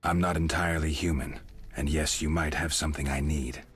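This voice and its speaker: An actor voicing a gruff male witcher and monster hunter in a video game, speaking slowly in deep, clipped lines. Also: steady tone, faint music behind. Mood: flat gruff. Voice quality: slow, deep, clipped delivery. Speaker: game character.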